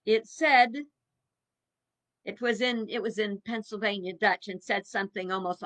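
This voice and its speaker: A woman's voice: medium pitch, fairly bright tone. A woman in her seventies, a minister giving a reflective evening talk in a folksy, musing way with chuckles. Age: 70s.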